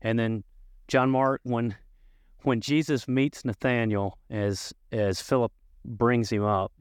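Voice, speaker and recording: A man's voice: medium pitch, fairly even intonation, takes it slowly, clean tone, dry recording, studio quality. A man from Nashville, talking thoughtfully and conversationally about a Bible scene. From Nashville, Tennessee. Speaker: discussion participant, seminary graduate. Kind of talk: casual Bible discussion.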